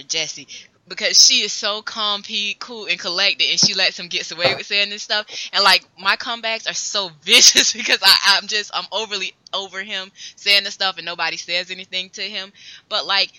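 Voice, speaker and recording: A woman in her thirties, co-hosting a casual podcast chat and telling stories in an animated, emphatic way with frequent laughs. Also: medium pitch, no room sound, poor audio. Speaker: podcast co-host.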